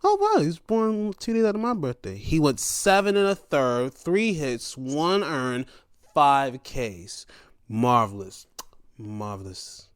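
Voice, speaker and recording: A man hosting a laid-back sports and wrestling recap, his voice swinging up and down with lively, animated pitch. He talks at an unhurried, drawn-out pace, playful and loose, now and then jumping into high mocking voices. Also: smooth. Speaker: podcast host.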